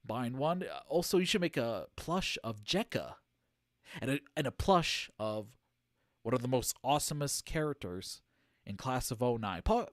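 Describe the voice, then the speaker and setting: A man's voice: medium pitch, no room sound, studio quality. Rambling, jokey gaming streamer man. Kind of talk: live gameplay commentary.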